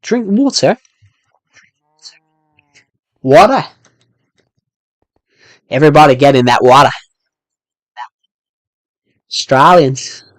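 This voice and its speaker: Young male streamer, hyper and jokey, slightly high voice, dry close mic. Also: sing-song, slow pace, long pauses, dry recording. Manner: hyper, jokey, rambling, answers chat messages. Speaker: live streamer. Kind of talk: casual live-stream chat while gaming.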